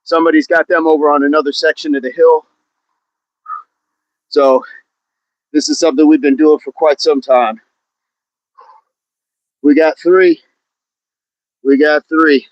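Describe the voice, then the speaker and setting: A man's voice: on the high side, fairly even intonation, a little slow, pauses often, dry recording, dull audio. A man hosting a live outdoor workout on a hill, exercising as he talks, counting down reps and greeting chat viewers by name. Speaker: fitness livestream host.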